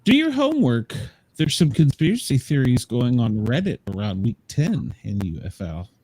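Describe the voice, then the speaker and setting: Man, podcast business manager, husky and animated, teasing quips. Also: medium pitch, normal speed, no echo, poor audio. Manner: wry, teasing one-liners. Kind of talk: casual sports podcast chat.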